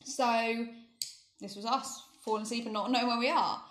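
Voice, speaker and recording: A young woman with an English accent telling a travel story in casual chat, animated and fond of saying "literally.". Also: fairly high pitch, moderate pace. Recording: roomy echo.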